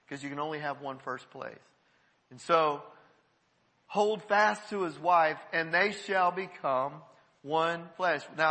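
Pastor guy preaching, kinda husky but bright, chatty and emphatic, big church reverb. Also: fairly high pitch. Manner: conversational preaching, emphatic, breaks into quoted voices. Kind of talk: sermon.

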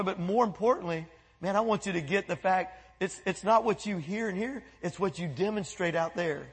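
A man preaching a sermon as pastor, animated, breaking into quoted voices and asides. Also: sits high, normal speed, breathy edge, in a large hall. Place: church sanctuary.

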